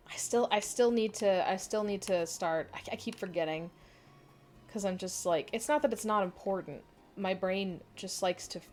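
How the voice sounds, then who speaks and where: A woman's voice: on the low side, a little mellow. A young adult woman chatting casually on a live stream, answering viewer comments in a candid, rambling way with frequent laughs and casual swearing.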